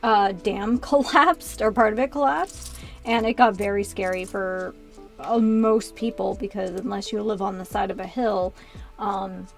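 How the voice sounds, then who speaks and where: Female streamer, 30s, mid-pitched, rambling casual chatter, faint music behind. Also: fairly even intonation, measured pace, vocal fry. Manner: chatty, rambling with many asides. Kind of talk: casual chat while building Lego. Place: small converted walk-in closet.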